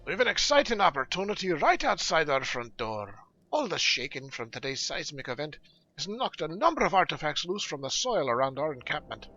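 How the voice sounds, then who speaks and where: A man voicing gruff male dwarf quest-givers with a put-on fantasy dwarf brogue, reading game quest text aloud. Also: fairly high pitch, sing-song, brisk, pushed and bright, lo-fi sound, voice pushed up, full character voice. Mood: eager.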